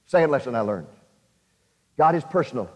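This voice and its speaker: A man's voice: mid-range voice, animated, brisk, darkish tone. A man preaching a sermon and retelling a testimony with earnest emotional swells. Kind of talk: sermon storytelling. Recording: dull lo-fi audio in a reverberant hall.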